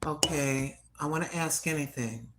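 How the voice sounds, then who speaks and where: A woman's voice: low voice, normal speed, noisy background. An older American woman chatting casually and rambling to her viewers at home. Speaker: vlogger. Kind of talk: casual chat.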